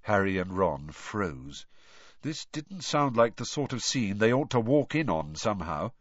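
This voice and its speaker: A man narrating an audiobook with an expressive, varied storytelling delivery. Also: on the low side, measured pace, no echo. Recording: dull lo-fi dry audio.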